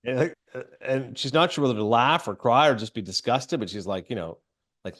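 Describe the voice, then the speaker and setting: A man hosting a film podcast, casually retelling a movie plot with lots of fillers and quick quoted asides. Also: mid-range voice, a bit bright. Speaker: podcast host.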